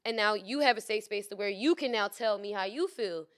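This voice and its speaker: A woman's voice: mid-range voice, brisk. A woman guest in a candid casual chat, talking frankly and expressively and swearing freely. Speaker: podcast guest.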